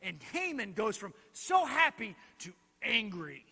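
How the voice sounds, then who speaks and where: A male pastor telling a Bible story in an animated, joking way while directing helpers on stage, in a reverberant church hall. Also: high voice, a little slow, slightly rough. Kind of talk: children's Bible lesson storytelling.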